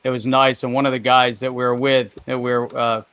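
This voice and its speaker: A man co-hosting a live online show, telling a travel story in a relaxed, easygoing way. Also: medium pitch, fairly quick, clear, resonant tone, no echo. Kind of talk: casual storytelling chat.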